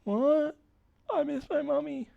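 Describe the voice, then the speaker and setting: A man voicing a whiny captive in his twenties who begs in a high, strained voice to go home to his family. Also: steady tone, takes it slowly, gravelly, phone-quality sound, full character voice. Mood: pleading. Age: 20s. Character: whiny captive young adult begging to go home.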